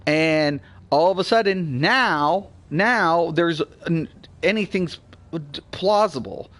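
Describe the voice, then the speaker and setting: Hosting a gaming channel, a man in his forties delivers a blunt, slow-paced gameplay rant full of swearing. He swings between low grumbling and loud excitement.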